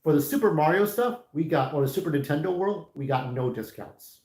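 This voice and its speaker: A man's voice: fairly high pitch, animated, brisk, darkish tone, poor audio. A man in his forties chatting casually on a livestream, candid and opinionated, talking straight to his viewers. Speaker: YouTube livestreamer.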